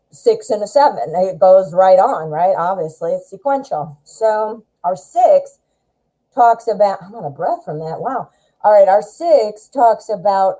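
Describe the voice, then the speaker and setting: A woman reads tarot cards on a live stream in a loose, chatty way. She speaks straight to the viewer and reassures them. Her voice is mellow and warm. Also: mid-range voice, low-quality recording. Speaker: tarot reader.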